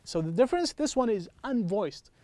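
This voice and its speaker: Patient high-voiced male English teacher. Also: big pitch swings, dark tone, no echo. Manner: patient, repeats "okay?" after each point; slows right down to model example phrases. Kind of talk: pronunciation lesson.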